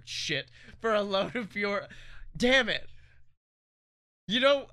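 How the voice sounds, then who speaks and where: A man's voice: high-pitched, pushed and bright. A man co-hosting a podcast, rambling through a merch plug and stories with laughs and self-mocking asides. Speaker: podcast co-host. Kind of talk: casual podcast banter.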